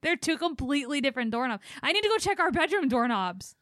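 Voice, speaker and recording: Frank, high-voiced woman co-host. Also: very animated, fairly bright tone, no echo, clean studio sound. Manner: frank, quick to laugh. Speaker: podcast co-host. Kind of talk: casual chat.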